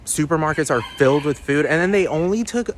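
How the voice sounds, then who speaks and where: A man's voice: on the high side, expressive, brisk, a little hiss or hum. A man ranting to the camera in a profane, rambling vlog monologue, often asking the viewer if they understand. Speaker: vlogger.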